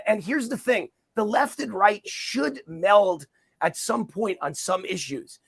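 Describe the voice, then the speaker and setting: A man's voice: high-pitched, fairly bright tone, husky. A middle-aged man giving heated, combative answers in an interview, hammering his points by repeating them. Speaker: interview guest, commentator. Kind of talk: heated political interview talk.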